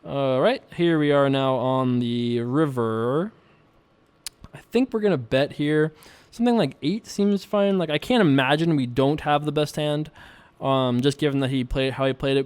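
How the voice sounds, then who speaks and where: Chatty young man with a smooth voice. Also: mid-range voice. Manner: chatty, laughs often, playful. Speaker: poker video host. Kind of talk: casual poker commentary.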